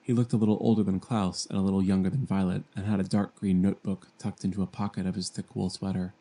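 Low, mellow male storybook reader. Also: level tone, fast talker, hardly any pauses. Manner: plain, gentle storytelling; lifts his voice for child characters' dialogue. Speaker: amateur audiobook reader. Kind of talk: fan audiobook reading.

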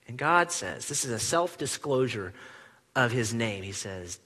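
A pastor delivers an animated sermon, his voice bright and a touch higher than most men's. He acts out quoted lines, swinging from loud declarations to hushed tones. The sound carries a long reverb, as if recorded in a large sanctuary. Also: slow pace, husky. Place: church sanctuary.

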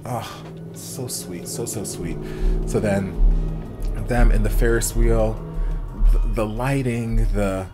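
A man hosting a drama reaction channel, chatting casually and gushing through an episode recap while acting out the characters' lines. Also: on the low side.

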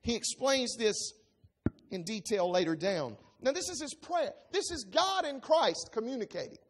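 This is an expository sermon in which the preacher reads Bible passages and explains each line with emphasis. The voice is medium-pitched and sing-song, moving at a moderate pace.

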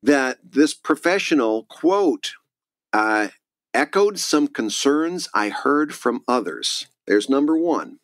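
A man co-hosts a casual podcast chat, his pitch swinging widely as he presses his points. He laughs easily. The sound is dry and close, with no room around it. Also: slow, no echo. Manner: animated, laughs often, emphatic advice. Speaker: podcast co-host, cartoonist.

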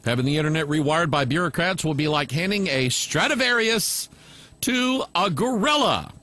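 American male talk radio host, fairly high voice, reads news stories aloud, emphatic lists, sarcastic asides. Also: animated, a little fast, pushed and bright.

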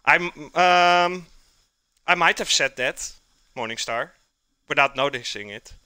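A man's voice: fairly high pitch, animated, slow, sharp tone, smooth, no echo, poor audio. A man with a non-native accent who streams himself cooking live, rambling casually and answering chat messages as he works. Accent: non-native English accent.

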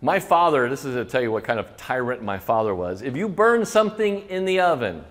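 Speaking at a medium pitch and a fairly quick clip, this middle-aged man is very animated. He works as a restaurant consultant and spins casual kitchen yarns for a crowd, cursing offhandedly and impersonating the cooks and chefs he describes.

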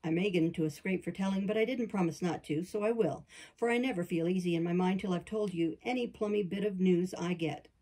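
A woman's voice: fairly low pitch, brisk, hardly any pauses, warm tone, lightly acted, low-quality recording. A woman voicing a playful, good-natured young man in an audiobook, coaxing and teasing. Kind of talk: audiobook character reading.

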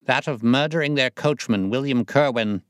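A man's voice: medium pitch, normal speed, no echo, studio quality, voice pushed up, close to an everyday voice. A man voicing a cool, curt detective. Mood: urgent. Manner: curt and clipped, calm. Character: sharp, cool-headed male detective. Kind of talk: audiobook reading.

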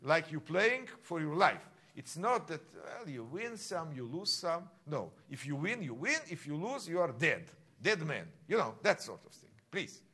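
A man's voice: on the high side, measured pace, few pauses. An older man teaching a piano masterclass, explaining at length and singing phrases aloud to his student. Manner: animated, sings phrases and shouts encouragement. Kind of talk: masterclass coaching.

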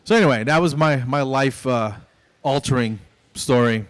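A man's voice: medium pitch, moderate pace, smooth. A man in his fifties doing a stand-up comedy routine on a small club stage, telling stories and acting out both sides of each exchange.

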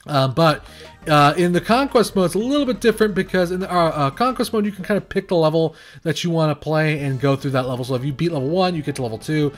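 Talking fast in a slightly high voice, this man narrates his own gameplay in a casual, rambling way, full of hesitations and filler words. When the action heats up, he bursts into nervous exclamations. There's faint music in the background.

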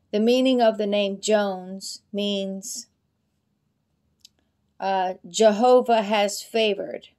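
A woman giving a casual spoken introduction, slow and deliberate with hesitations. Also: mid-range voice, darkish tone.

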